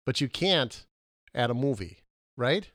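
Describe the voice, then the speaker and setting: Animated man hosting a movie podcast. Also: a little slow, no room sound, clean studio sound. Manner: animated, questioning, jumps in pitch when arguing. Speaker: podcast co-host. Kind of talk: casual movie podcast chat.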